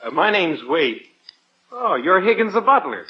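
A wisecracking American reporter. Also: male voice, sits high, big pitch swings, a little slow. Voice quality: wisecracking, breezy. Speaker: newspaper reporter. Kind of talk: 1940s radio sitcom acting. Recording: muffled old radio recording, faint hiss.

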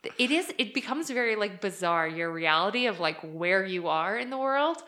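A woman's voice: medium pitch, animated, moderate pace, pushed and bright. A young woman co-hosting a podcast, chatting casually and rambling with lots of fillers. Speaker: podcast co-host. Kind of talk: casual chat.

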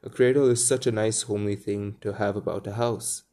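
A man's voice: on the low side, fairly even intonation, a little fast, mellow, lightly acted. A man reading aloud as Wendy, a bossy, prim, motherly girl. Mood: firm. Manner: scolding, prim.

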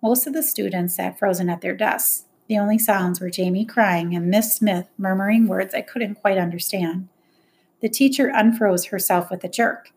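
A woman reading a first-person novel aloud in plain, measured storytelling. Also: medium pitch, darkish tone, husky. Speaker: audiobook narrator. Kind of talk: first-person audiobook narration.

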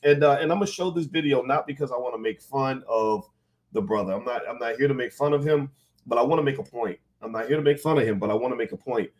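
A man's voice: mid-range voice, fast, darkish tone. A man hosting a live-streamed podcast, talking casually to his chat with frequent fillers and restarts. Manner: conversational, many fillers and restarts. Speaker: podcast host. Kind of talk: live-streamed talk show.

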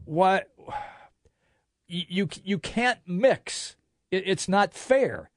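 A man's voice: sits high, expressive, drawn-out words, no room sound, studio quality. An older man co-hosting a casual talk show, ranting in an exasperated way with many restarts. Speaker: co-host.

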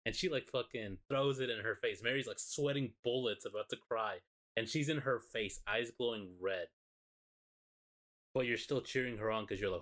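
A man, a podcast co-host, excitedly and profanely retelling a show in casual chat. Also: mid-range voice, moderate pace.

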